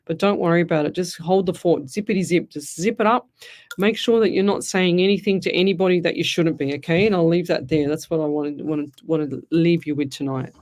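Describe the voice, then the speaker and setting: A woman's voice: fairly low pitch, a little fast, darkish tone. An Australian woman hosting a live radio call-in show as a psychic medium, chatty and rambling as she reads out listener questions. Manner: chatty, rambling, thinks aloud with frequent restarts. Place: radio studio.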